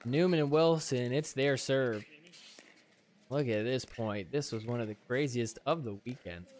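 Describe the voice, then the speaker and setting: A man hosting a podcast, giving chatty, wisecracking commentary over match footage and getting excited on big plays. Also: medium pitch, a little slow, slight background noise. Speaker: podcast host.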